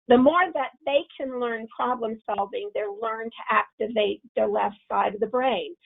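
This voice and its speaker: A woman's voice: on the high side, moderate pace, vocal fry, hardly any pauses. A woman presenting a parenting webinar on a video call, coaching listeners and acting out angry self-talk as examples. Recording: tinny phone-line audio.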